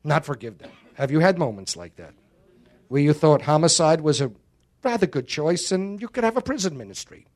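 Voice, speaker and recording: Brief: male preacher, slightly high voice, emphatic and dramatic, quick jokes. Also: very animated, a little mellow. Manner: emphatic, dramatic, joking asides. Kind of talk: sermon.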